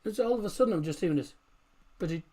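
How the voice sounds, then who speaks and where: Guy chatting on a football stream, fairly high voice, goes up and down a lot, rambly, keeps saying um and to be fair. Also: lively intonation, very fast, mellow. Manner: rambling, filler-heavy, reads chat messages aloud. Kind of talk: casual live-stream chat.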